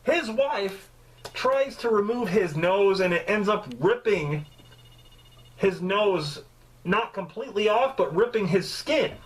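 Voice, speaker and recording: A man reviews a movie in a loose, joking way, and he swears a lot. His pitch swings widely up and down as he drifts off into tangents. It sounds like off-the-cuff talk rather than anything scripted. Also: slow, poor audio. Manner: animated, swears freely, rambling asides. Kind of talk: casual comedic movie review.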